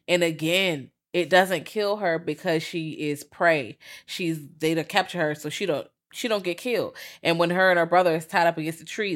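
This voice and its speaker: A woman co-hosting a podcast, recapping a film in casual, profane slang and acting out the characters as she goes. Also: deep voice. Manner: animated storytelling, acts out characters, profane slang. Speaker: podcast co-host. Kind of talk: casual movie recap chat.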